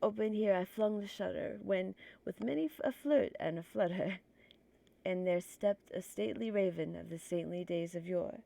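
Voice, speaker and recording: A woman's voice: medium pitch, moderate pace, vocal fry, warm tone, no room sound. A woman streamer with a stuffy nose reading poetry aloud on a livestream, nervous and self-conscious, apologizing for her slips.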